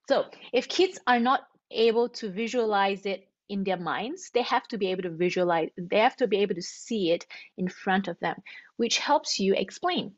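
A woman's voice: medium pitch, lively intonation, moderate pace, no room sound, lo-fi sound. A woman string teacher explaining note reading step by step, asking and answering her own questions in a chatty way. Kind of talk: instructional explanation.

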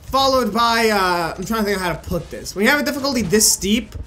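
A man commentating his own gameplay, frustrated and swearing, with sudden yelling outbursts. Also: sits high, animated, fast, slight background noise. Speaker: gaming video creator. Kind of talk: casual let's play commentary. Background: game music.

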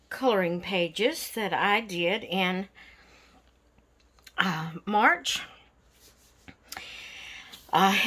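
Slow-talking woman chatting casually. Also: medium pitch, a bit bright. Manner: rambling and chatty, with many fillers. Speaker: coloring channel host. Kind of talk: casual show-and-tell vlog.

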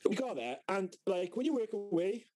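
A man's voice: high-pitched, very animated, normal speed, dark tone, low-quality recording. A British man co-hosting a podcast, telling rambling stories in casual chat and swearing a lot. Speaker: podcast co-host.

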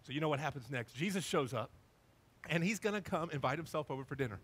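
A male pastor preaching a sermon in an animated, emphatic storytelling manner. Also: a little high, quick pace, husky.

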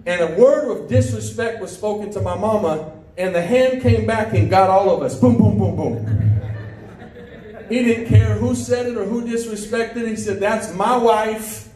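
A pastor telling a story during a sermon, full of restarts and questions to the congregation. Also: male voice, sits high, moderate pace, a little mellow. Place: church sanctuary. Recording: roomy church sound from a distance.

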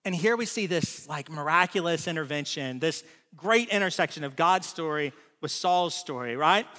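A man's voice: a little high, lively intonation, normal speed, pushed and bright, long reverb tail. A man preaching a sermon in a church, talking in a conversational way and often adding "right?" to check in with his listeners. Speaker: pastor. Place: church hall.

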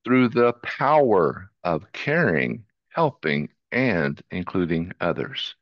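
Guy with a southern twang, lowish voice, earnest interview guest, kinda dull dry audio. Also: sing-song, takes it slowly, no room sound. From southern United States. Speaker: podcast guest. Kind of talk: interview conversation.

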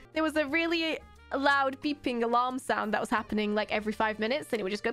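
A young woman streamer doing casual reaction commentary, excitable, laughing often and swearing freely. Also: on the high side, fast talker, faint music behind.

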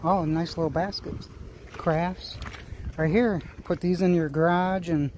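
A man with a slightly high, mellow voice speaks at a measured pace with fairly even intonation, chatting and musing casually for his small-engine flipping channel as he tours an outdoor equipment auction yard. Some light background noise is present.

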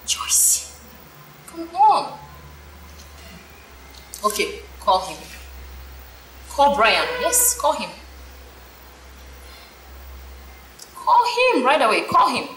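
A woman's voice: medium pitch, very animated, very slow, long pauses, a little hiss or hum. A woman playing a blunt friend who scolds and mocks sarcastically. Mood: sarcastic. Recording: roomy, distant, music underneath.

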